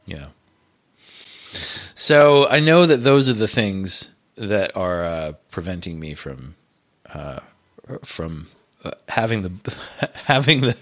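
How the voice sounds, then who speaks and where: A middle-aged man co-hosting a casual podcast chat, self-mocking and quick to laugh. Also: low-pitched, animated. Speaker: podcast co-host.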